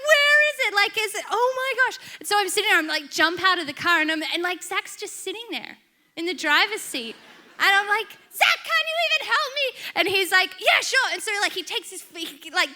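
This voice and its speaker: A woman giving a sermon, telling personal stories in a lively, humorous, chatty way. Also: extremely high pitch. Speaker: church speaker.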